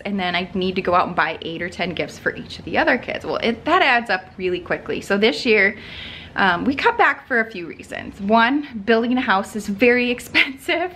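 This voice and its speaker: A woman's voice: mid-range voice, a bit bright, slight background noise. A woman in her thirties chatting casually to her camera in a vlog, rambling a little and laughing now and then. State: out of breath. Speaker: vlogger. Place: at home, then in a car and out in the cold.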